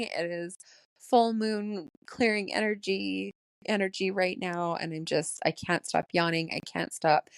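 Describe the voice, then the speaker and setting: A woman's voice: deep voice, fairly even intonation, a little slow, vocal fry, clean tone, no room sound. Emotional woman in her late thirties, shaky voice. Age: late 30s. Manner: emotional, laughing through her words. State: voice shaking, close to tears. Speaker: podcast host. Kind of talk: solo spiritual diary podcast.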